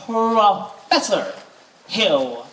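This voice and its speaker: Teen actor as smooth-talking male con man, flattering salesman patter, stage play, echoey hall, distant mic. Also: medium pitch, very slow, exaggerated voice. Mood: smooth scheming. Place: camp stage. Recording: echoey hall from far off, faint noise.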